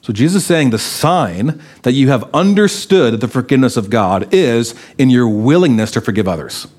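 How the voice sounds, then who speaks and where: A man, a pastor, preaching a sermon, animatedly acting out the voices of the people he quotes. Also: moderate pace. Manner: animated, acts out quoted voices with raised pitch.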